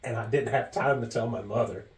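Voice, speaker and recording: A man's voice: mid-range voice, a little fast. A man co-hosting a podcast, telling a story casually and animatedly. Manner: animated, laughs through the story. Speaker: podcast co-host. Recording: roomy echo, mic far off.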